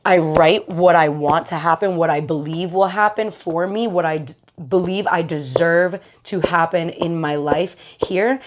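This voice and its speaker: A young woman vlogger talking casually to camera, giving blunt, slangy self-help advice and laughing at herself. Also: fairly low pitch. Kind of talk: casual motivational talk to camera.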